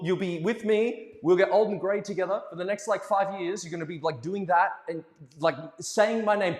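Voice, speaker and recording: A man with a fairly high voice leads a playful, animated ballroom dance lesson, joking along the way and counting the beats aloud. The room is echoey, giving his voice a long, ringing reverb.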